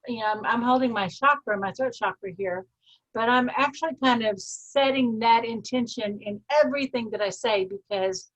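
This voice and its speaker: A woman's voice: on the high side, moderate pace, poor audio. Texas-twang woman coaching on a call. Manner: deadpan humor, riffing free form, laughs often. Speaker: host, personal growth coach.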